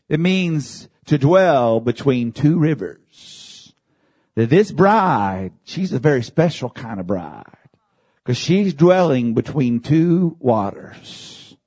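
A preacher with a husky, slightly raised voice, delivering a sermon in church. He swings between low, measured teaching and fervent, shouting bursts, often calling out for an amen. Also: expressive. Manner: rising to fervent shouts, calls for amen and hallelujah.

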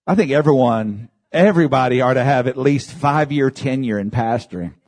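A male pastor delivering a sermon, calling out to the congregation and rising to shouts at the peaks. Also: moderate pace. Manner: preaching with big swings in pitch, shouting at peaks; addresses congregation with calls of amen.

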